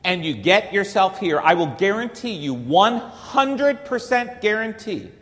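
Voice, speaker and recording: A man's voice: sits high, big pitch swings, a little slow, a bit bright. A man who is a Catholic priest preaching a sermon, emphatic and rhetorical with bits of humor. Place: church. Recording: reverberant church hall.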